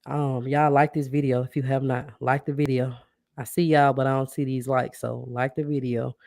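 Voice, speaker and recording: A woman podcast host chatting casually with livestream viewers, warmly thanking them and reacting to their comments. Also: very deep voice, little pitch movement, normal speed, creaky, no room sound, clean studio sound. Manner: chatty, keeps addressing viewers as y'all; warm and grateful, reacts to comments.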